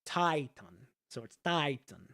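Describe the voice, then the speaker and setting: A man chatting casually to his viewers, rambling and thinking out loud with the odd swear. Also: medium pitch, sing-song, slow pace, creaky. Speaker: streamer.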